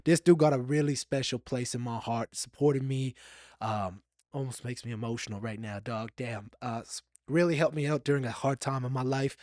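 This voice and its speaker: A man's voice: mid-range voice, a little fast, a little mellow, dry recording, studio quality. A man hosting a solo podcast, talking in a candid and reflective way, sometimes getting emotional and repeating himself. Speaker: podcast host.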